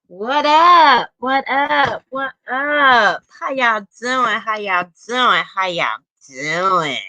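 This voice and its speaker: On her own livestream, a woman in her forties talks with a medium-pitched, bright, forceful voice. Her casual chat is drawling, blunt and full of profanity, and the lo-fi stream audio is dry, echo-free and a bit dull.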